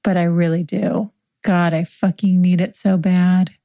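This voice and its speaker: A woman's voice: fairly low pitch, little pitch movement, a little slow, creaky, dark tone. A woman host improvising an erotic story in the second person, intimate, frank and profane, lingering on her words. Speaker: podcast host.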